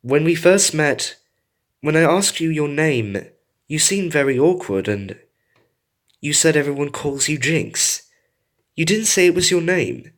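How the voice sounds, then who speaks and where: A man's voice: on the high side, animated, a little slow, pauses often, pitched above the performer's own voice. A man voicing a weary but caring young male fox in a read-aloud story, with an earnest manner. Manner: earnest, tired. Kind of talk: reading a fan story aloud.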